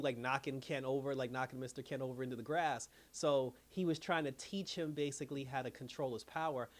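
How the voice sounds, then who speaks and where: A man giving a casual, rambling recap of a cartoon episode, full of fillers and acted-out quotes. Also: mid-range voice. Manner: rambling, animated retelling with many fillers. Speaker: episode reviewer.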